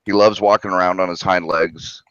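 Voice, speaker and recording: A man's voice: deep voice, steady tone, normal speed, a bit bright. A man chatting on a podcast, laid-back and swearing casually. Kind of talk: casual chat. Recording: dry, dull lo-fi sound.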